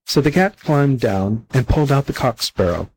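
A man reading a children's fable aloud as a volunteer audiobook narrator, calm and unhurried. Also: mid-range voice, husky, low-quality recording. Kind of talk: storybook narration.

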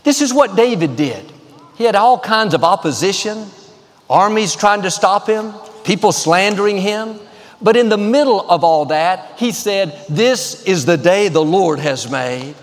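A man's voice: high-pitched, expressive, unhurried, in a large hall. A man preaching a sermon as pastor, upbeat and confident, building to repeated declarations.

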